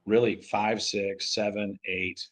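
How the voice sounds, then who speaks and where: A man's voice: on the low side, flat delivery, slow pace, low-quality recording. A man leading a team project on a casual group voice chat, blunt and swearing freely. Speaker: project lead on a crypto call.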